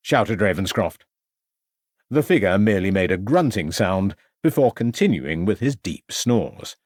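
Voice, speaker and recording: A man narrating a crime novel as an audiobook, in a measured storytelling manner. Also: lowish voice, very animated, a little mellow, no echo, studio quality. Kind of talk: scripted narration.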